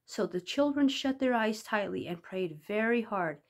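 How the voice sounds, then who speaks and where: A woman reading a story aloud in a calm, measured storytelling manner. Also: medium pitch. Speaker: reader.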